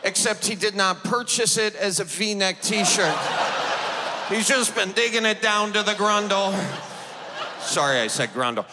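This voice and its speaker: A male stand-up comic in his thirties with a Wisconsin accent, telling stories in a fairly high voice and shouting his punchlines. He is recorded live in a big theater with long reverb. Audience noise sits clearly behind him. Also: lively intonation, measured pace. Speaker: stand-up comedian. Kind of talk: stand-up comedy storytelling. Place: large theater stage.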